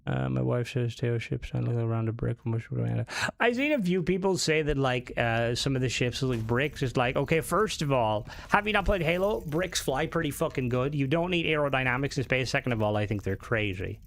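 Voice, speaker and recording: During a live game stream, a young man with an Americanized Irish accent chats loosely with viewers, rambling and swearing frequently. He sounds expressive and brisk, with a mid-range, fairly bright voice.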